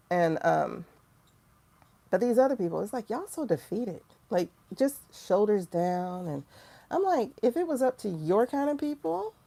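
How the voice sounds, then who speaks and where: Hosting a tarot livestream, she spins a story in frank, relaxed conversation, quoting herself and others and swearing along the way. Her voice is medium-pitched, creaky, and warm.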